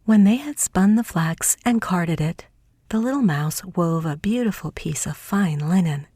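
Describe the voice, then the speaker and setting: A woman narrating a folk tale audiobook in a soft, hushed, scripted reading. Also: fairly low pitch, measured pace, breathy edge, dry recording, clean studio sound.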